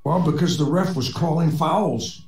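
A man's voice: on the high side, normal speed, darkish tone, roomy sound, distant mic, slight background noise, low-quality recording. A man telling corny jokes in a voice chat comedy set, with dry delivery as a robot persona. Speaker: stand-up comedian.

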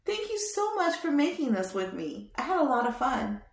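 A woman's voice: high-pitched, very animated, normal speed, vocal fry, hardly any pauses, echoey room. A woman hosting a children's show, teaching toddlers in a sing-song, coaxing way and prompting them to repeat words.

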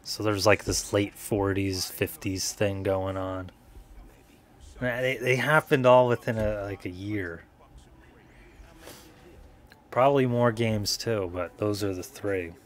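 A man's voice: on the low side, steady tone, slow, long pauses. A man giving casual, tired gameplay commentary at his computer, mumbling asides and swearing often. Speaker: gamer. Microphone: webcam setup at a computer.

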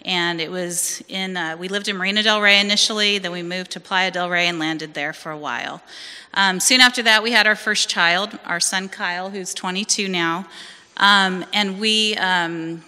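A woman in her forties from California giving a personal testimony at a church service, telling her story in a lively way and acting out the people she quotes. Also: fairly low pitch, moderate pace, smooth, long reverb tail. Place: church hall.

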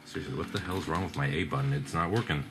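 A man's voice: a bass voice, fast talker. A young man giving casual, joking, sarcastic and profane commentary while playing a video game with his sister. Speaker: let's play gamer. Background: game music.

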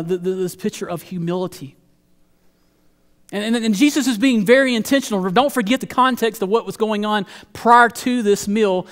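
A man's voice: high voice, big-room sound. A man preaching a sermon as pastor, earnest, often repeating words as he builds a point. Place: church sanctuary.

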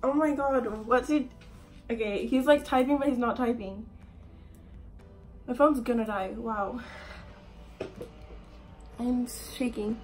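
Young woman vlogger, high voice, unhurried, giggly and jittery, faint music behind. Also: fairly even intonation, a little mellow. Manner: nervous and giggly, many "like" fillers. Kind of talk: casual vlog talk.

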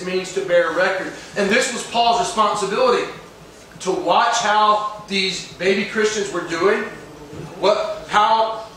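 Recorded from a distance in an echoey church sanctuary with slight background noise, a male pastor with a high, fairly bright voice delivers an emphatic sermon. He frequently puts questions to the congregation.

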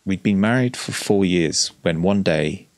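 A man's voice: deep voice, measured pace, no room sound. A man reading as an old grieving village widow. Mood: wistful.

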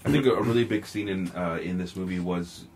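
A man's voice: low-pitched, fast talker, darkish tone, a little hiss or hum. A man co-hosting a podcast, talking loosely about a film in casual chat and swearing freely. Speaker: podcast co-host.

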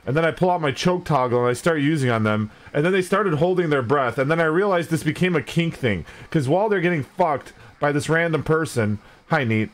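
A man's voice: a little high, a little fast, hardly any pauses. A young man live streaming, casually telling a story to his chat with plenty of swearing. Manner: animated, heavy swearing.

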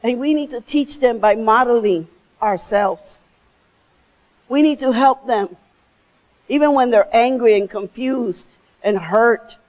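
A middle-aged woman with a high voice delivers a motivational keynote from a stage. She tells her story emphatically and slips Spanish phrases into her English. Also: slow, long pauses, darkish tone, rough recording. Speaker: keynote speaker. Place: stage before an audience.

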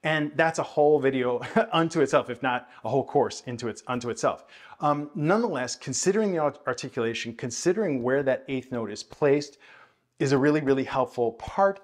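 A man teaching jazz bass in a video lesson, explaining thoughtfully with many hedges and counting and scatting rhythms aloud. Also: animated, fairly quick. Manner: thoughtful, hedging explanations with frequent "I think".

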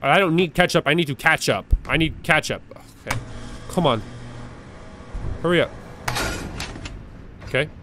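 A fairly high-voiced man talks his way through a scary game, nervous and jumpy. He repeats words in rapid bursts and pleads with the monsters on screen. A faint hiss of noise sits under his voice. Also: pushed and bright. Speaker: gaming video creator. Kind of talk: live let's-play commentary.

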